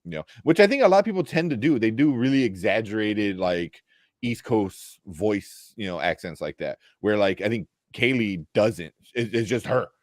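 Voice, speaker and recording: A man's voice: fairly low pitch, lively intonation, moderate pace, no room sound, studio quality. A man co-hosting a casual live chat show, easygoing, with lots of fillers and agreeing asides. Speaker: co-host.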